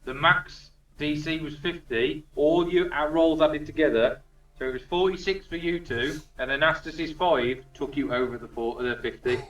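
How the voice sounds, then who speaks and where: A man's voice: on the high side, normal speed, fairly bright tone, faint music behind. A man narrating as dungeon master, chatty and casual, swearing freely. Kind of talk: narrating a tabletop game, casual. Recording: distant roomy lo-fi recording.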